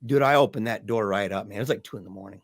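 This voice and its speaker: This podcast guest, a grieving father living in Michigan, talks very fast in a lowish voice as he shares a painful family story. His casual, emphatic speech is full of "dude" and "man," and the studio sound is clean with no room sound.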